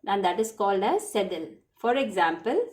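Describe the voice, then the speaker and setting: A woman's voice: mid-range voice, sing-song, a little fast, a little mellow. Patient woman teaching children French. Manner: patient, repetitive, spells words letter by letter. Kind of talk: classroom lesson explaining spelling.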